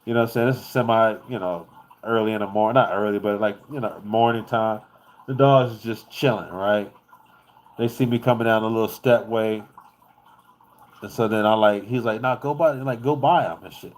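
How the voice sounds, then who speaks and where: A man vlogging in a casual storytelling style, animated and rambling, who swears freely as he tells the story. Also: fairly low pitch, moderate pace.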